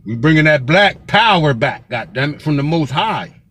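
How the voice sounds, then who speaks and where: A man's voice: on the high side, animated, moderate pace, fairly bright tone, a little hiss or hum. A man from Pennsylvania giving a fiery, profane street vlog rant as a local commentator, with the same curse repeated throughout.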